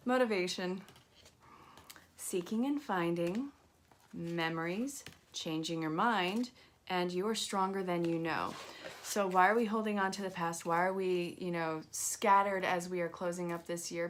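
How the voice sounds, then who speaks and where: A woman giving a casual live-streamed card reading, chatty and reassuring as she talks straight to her viewers. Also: fairly low pitch. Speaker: angel card reader.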